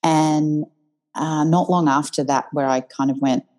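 A woman, a podcast guest telling a personal story in an emotional, animated way. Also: deep voice, unhurried, rough recording. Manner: emotional, animated, swears freely.

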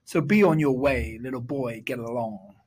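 A man's voice: medium pitch, normal speed, a little mellow, slight background noise, natural voice. A man doing a cheeky leprechaun. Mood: brisk. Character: crafty cheeky little male leprechaun shoemaker.

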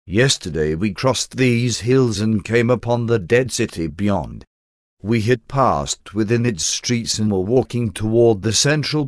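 A man's voice: on the low side, no room sound, close to an everyday voice. Guy reading as a devoted young slave girl in a story, earnest, dry close sound.

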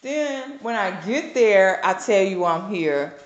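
A woman, co-hosting a podcast and telling a lively story with plenty of laughter. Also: medium pitch, slow, dull audio, very noisy. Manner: animated storytelling, laughs often. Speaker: podcast co-host. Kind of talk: casual chat. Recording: echoey room.

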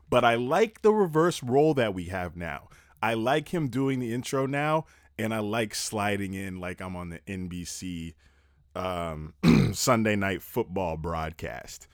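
A man's voice: mid-range voice, no echo, clean studio sound. Profane young man ranting about sports. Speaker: podcast host. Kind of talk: casual sports podcast rant.

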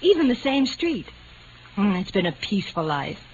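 A woman's voice: mid-range voice, big pitch swings, normal speed, a little mellow, slightly rough. An actress playing a contented middle-aged wife in an old radio drama, speaking fondly to her husband. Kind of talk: 1950s radio drama acting. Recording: dull old radio broadcast with faint hiss.

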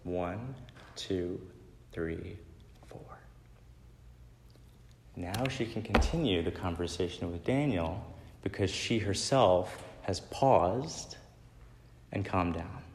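A man's voice: deep voice, expressive, slow. A man in his thirties giving a sermon, telling personal stories in a conversational way and often adding "right?". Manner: conversational, frequent "right?" tag questions. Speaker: pastor. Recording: echoey hall with long reverb.

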